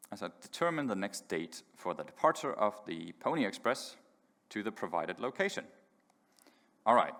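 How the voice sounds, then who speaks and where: A man's voice: sits low, fairly bright tone. A man giving a live technical demo at a conference, talking casually with fillers and restarts. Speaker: conference speaker. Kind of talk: live tech demo talk. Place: large conference hall. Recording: echoey hall reverb.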